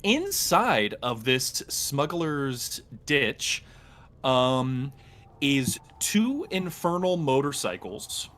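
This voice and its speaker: A man as dungeon master narrating a tabletop game, halting with many ums. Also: mid-range voice, sing-song, a bit bright. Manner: halting, lots of ums and uhs.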